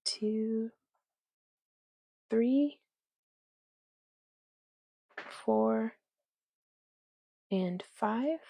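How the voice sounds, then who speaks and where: Lady crafting on a livestream, gravelly voice, real dry close sound, chatty. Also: fairly high pitch, very slow, dark tone, dry recording. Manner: chatty, reads viewer comments aloud, talks to her dog. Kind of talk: casual crafting livestream chat.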